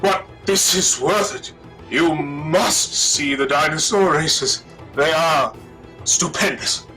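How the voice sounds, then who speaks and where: A man voicing an excitable, rambling older male guide who talks fast and fussily, trailing off mid-thought. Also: a little high, faint music behind, pitched below the performer's own voice, low-quality recording. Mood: thrilled. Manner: fast-talking, fussy, trails off.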